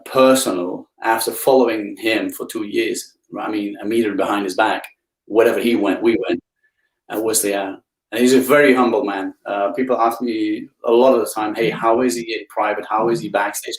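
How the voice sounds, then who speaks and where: The gravelly voice belongs to a Belgian guest speaker on a live video interview, heard over a video call with reverberant, poor audio. An enthusiastic storyteller, he swings his pitch up for swooping emphasis.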